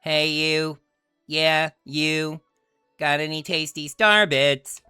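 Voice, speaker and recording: A man's voice: on the high side, slow pace, clean tone, dry recording, faint music behind, heavily acted. Man doing a hungry robot star creature. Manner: flat mechanical robot voice.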